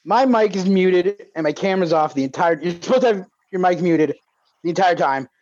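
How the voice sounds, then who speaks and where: Man, animated storyteller, dull lo-fi sound. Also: high voice, a little fast. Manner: animated, profane, mimics voices in his stories. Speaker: podcast co-host. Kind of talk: casual storytelling chat. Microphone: video call.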